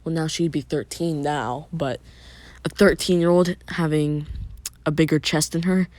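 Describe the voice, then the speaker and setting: A man's voice: a little high, steady tone, measured pace, darkish tone, no room sound. A young man casually reading out a fan-fiction story, loose and offhand with asides.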